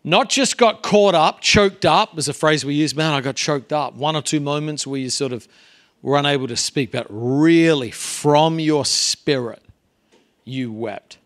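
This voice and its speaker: A guest preacher, a man with a higher-pitched voice, speaks at a measured pace while delivering a sermon as a visiting pastor in a church. He sounds earnest and conversational, shifting his pace and volume as he goes.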